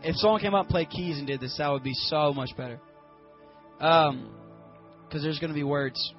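High-voiced guy preaching casually, muffled recording. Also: normal speed, faint music behind. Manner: casual, animated, talks to the congregation directly. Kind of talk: casual energetic sermon.

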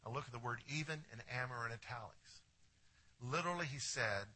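A man preaching a sermon as pastor, swinging from hushed lines to emphatic ones and putting questions straight to his congregation. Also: mid-range voice, moderate pace, breathy edge. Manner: addresses the congregation directly with questions.

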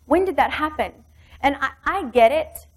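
Middle-aged woman pastor, slightly high voice, telling her own story from the pulpit, vivid and close. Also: animated, normal speed. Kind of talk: personal story in a sermon.

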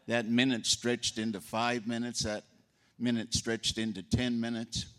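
A man's voice: mid-range voice, flat delivery, unhurried, fairly bright tone. An older man giving a folksy eulogy for his sister, telling stories and acting out the voices in them. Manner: folksy storyteller, acts out voices. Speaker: eulogist, brother of the deceased. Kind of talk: memorial eulogy with storytelling.

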